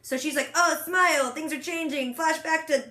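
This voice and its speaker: A young woman in casual chat, animatedly retelling a TV episode and slipping into quick quoted voices for the characters. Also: sits high, pushed and bright, echoey room. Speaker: podcast co-host recapping a TV episode.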